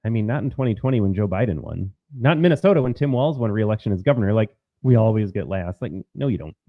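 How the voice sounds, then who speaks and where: A man's voice: medium pitch, animated, rapid-fire, no echo, phone-quality sound. A man hosting an opinionated political commentary, talking emphatically to his viewers and repeating his points.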